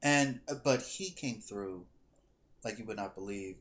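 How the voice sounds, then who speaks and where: Speaking unhurriedly in a fairly low voice over lo-fi sound, the psychic reader chats on his casual podcast. He tells stories animatedly, performing the quoted dialogue of the people involved.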